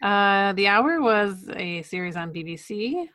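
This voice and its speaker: A woman's voice: mid-range voice, lively intonation, unhurried, bright, forceful tone. Podcast co-host, woman, middle voice, dry and understated, casual. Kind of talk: casual chat.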